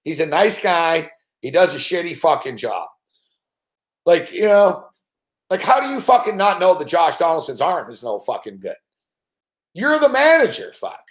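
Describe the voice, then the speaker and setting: A man's voice: fairly high pitch, very animated, normal speed, long pauses, reverberant. A man ranting and swearing constantly as host of a live sports betting show. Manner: swears constantly, rants in frustrated outbursts. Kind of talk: profane live-stream rant.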